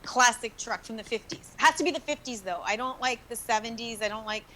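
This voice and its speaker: A woman's voice: fairly high pitch, fairly quick, pushed and bright, rough recording. A woman guest on a casual live stream, talking hesitantly with many fillers and laughing easily.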